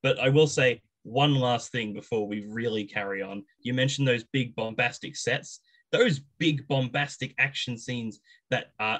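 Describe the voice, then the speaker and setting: A man's voice: mid-range voice, rough recording. A man co-hosting a gaming show, chatting casually about a film with many fillers. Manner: relaxed, rambling with fillers. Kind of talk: casual review chat.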